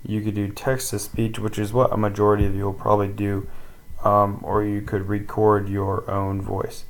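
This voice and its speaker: A man teaching a casual screen-recorded tutorial, rambling with many pauses and ums. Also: lowish voice, completely flat delivery, poor audio.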